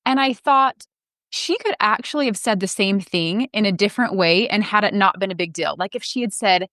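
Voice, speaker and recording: A woman's voice: mid-range voice, brisk, a bit bright, no room sound, studio quality. A woman hosting a podcast, reflective and conversational with her guest. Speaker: podcast host. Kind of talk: podcast interview chat.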